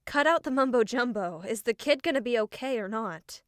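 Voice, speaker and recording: A woman voicing a bossy young swordswoman in an audiobook, speaking in a brisk, commanding way. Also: a little high, animated, no room sound, studio quality, natural voice. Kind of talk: audiobook character voice.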